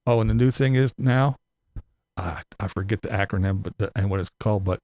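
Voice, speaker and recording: A man's voice: lowish voice, brisk, darkish tone, dry recording. Laughing, profane ranting man. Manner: profane, laughs often, sarcastic. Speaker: vlog commentator. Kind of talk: ranting commentary.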